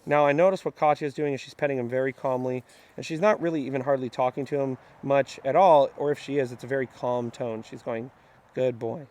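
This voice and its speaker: A man's voice: medium pitch, fairly even intonation, fast, darkish tone. Upbeat man explaining dog training. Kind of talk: instructional training vlog.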